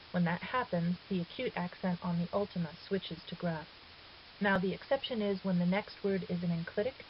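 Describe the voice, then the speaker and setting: Woman calmly explaining a grammar lesson. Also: medium pitch. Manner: patient, methodical, with fillers and self-corrections. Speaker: Greek teacher. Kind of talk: recorded lecture explanation. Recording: dull lo-fi recording with faint hiss.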